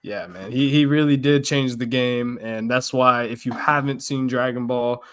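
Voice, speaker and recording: Chill young dude cohosting, easygoing, keeps saying man, average pitch. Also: moderate pace, fairly bright tone, a little hiss or hum. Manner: laid-back, laughs often, says "man" a lot. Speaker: podcast co-host. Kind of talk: casual chat.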